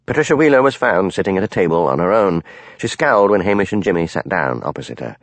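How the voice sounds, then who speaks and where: A man reading an audiobook in measured storytelling narration. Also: low voice, lively intonation, no room sound.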